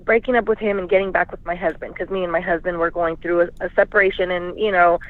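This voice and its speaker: A woman's voice: fairly low pitch, steady tone, fast talker, no echo. Caller, woman, rambling and emotional, heard over a thin dry phone line. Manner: rambling, quotes both sides of arguments. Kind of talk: emotional call-in confession.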